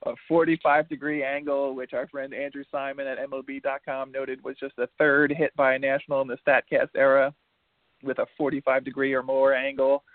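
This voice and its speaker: A man's voice: mid-range voice, level tone, a little fast. A man hosting a casual sports talk show, joking and poking fun at himself. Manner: joking, self-mocking. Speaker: podcast host. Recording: dry tinny phone-like line.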